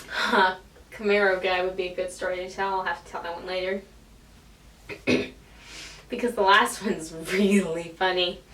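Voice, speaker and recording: A woman's voice: on the low side, fairly bright tone. A woman in her twenties, a vlogger telling a casual story, swearing freely and acting out the people in it. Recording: echoey room, distant from the mic.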